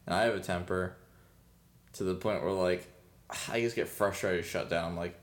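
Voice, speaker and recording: A man's voice: low-pitched, fairly even intonation, normal speed. A young man chatting casually as a podcast co-host, rambling with lots of fillers and frequent laughs. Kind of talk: casual chat.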